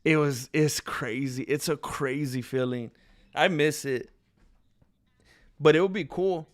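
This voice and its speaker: On his livestream, this man speaks at a measured pace in a voice on the high side, rambling casually with plenty of fillers and false starts. He's self-deprecating and keeps hiccuping and burping, and the studio audio is clean, without echo.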